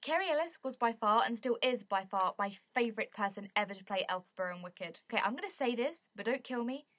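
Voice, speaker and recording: A young British woman talking excitedly to camera about things she loves, gushing and often breaking into song. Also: fairly high pitch, fast talker. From Britain. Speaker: vlogger. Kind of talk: casual chat to camera.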